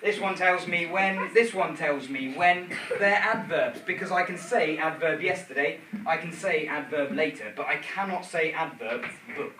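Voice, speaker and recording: High-voiced man teaching in an echoey room. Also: moderate pace, hardly any pauses, bright, forceful tone. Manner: chanting, repetitive call-and-response drilling. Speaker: primary school teacher. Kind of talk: classroom grammar lesson. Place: school classroom. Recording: echoey room, far from the mic, noisy.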